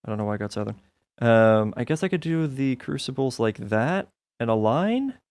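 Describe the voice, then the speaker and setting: In casual commentary on a modded building game, a man thinks aloud and laughs at his own errors with self-mocking humor. His mid-range voice is expressive with a darkish tone and moves at a moderate pace. The recording is dry.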